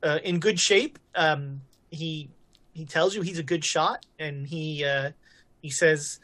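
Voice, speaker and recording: A woman running a tabletop horror-western game as game master, narrating slowly with many fillers. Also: sits low, fairly bright tone. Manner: slow, filler-heavy narration.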